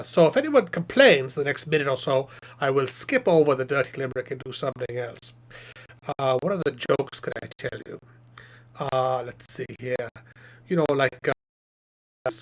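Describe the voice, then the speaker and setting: A man's voice: on the high side, pushed and bright, heavily acted. A man voicing a cheery, goofy male puppet who hosts a live stream, chatting and joking with viewers. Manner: rambling, jokey, chatty with viewers.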